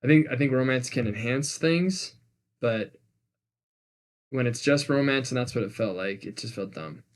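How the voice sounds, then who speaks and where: A man's voice: medium pitch, normal speed. A man co-hosting a casual movie review podcast, giving blunt, slangy opinions. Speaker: podcast co-host.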